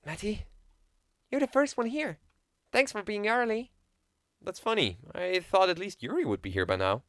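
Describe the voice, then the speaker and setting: A man voicing a poised, friendly teenage girl who is a club president, speaking in a bright, welcoming way. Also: high-pitched, big pitch swings, moderate pace, no room sound, clean studio sound, pitched above the performer's own voice, full character voice.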